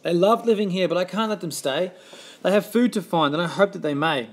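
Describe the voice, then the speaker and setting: Storybook forest guardian, snappish and scolding, a bit high, as a man puts him on. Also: fairly quick. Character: grumpy small male forest guardian scolding.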